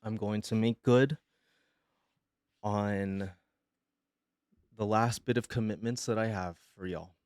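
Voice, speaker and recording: A male streamer, sick with pneumonia, making an emotional announcement in a halting, hesitant way and holding back tears. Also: on the low side, steady tone, darkish tone, no echo, studio quality.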